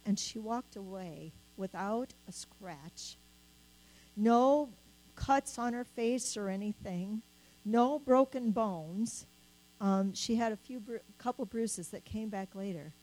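An older woman shares a testimony before a church group. She tells her story earnestly and acts out the voices of the people in it. Her voice sits at a middle pitch for a woman. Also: takes it slowly, darkish tone, poor audio. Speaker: church member giving testimony. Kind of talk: spoken testimony.

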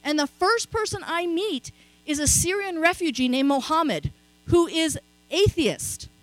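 High, lively woman preaching a sermon. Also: unhurried, no echo, poor audio. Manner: conversational storytelling, frequent "okay?" asides.

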